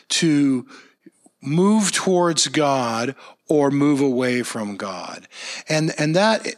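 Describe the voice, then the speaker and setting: A pastor delivers a conversational sermon. He sounds earnest, and his voice sits a touch high for a man. He tells stories plainly, often restarting a phrase or repeating a word before going on. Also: fairly bright tone. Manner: earnest, storytelling, frequent restarts and repeated words.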